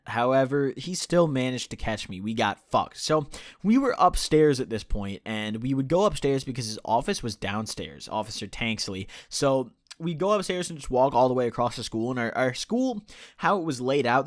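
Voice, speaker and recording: Teen dude doing a storytime, cussing a lot, keeps restarting his sentences, dry close sound, average pitch. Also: no echo. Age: late teens. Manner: rambling, profane, restarts and self-corrections. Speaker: channel host telling a personal story. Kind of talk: casual storytime chat over gameplay.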